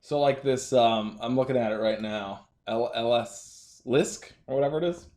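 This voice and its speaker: In a casual chat, a young male trader talks about trading in a relaxed way, laughing often and letting his sentences trail off loosely. His voice is medium-pitched and a little mellow, at a moderate pace.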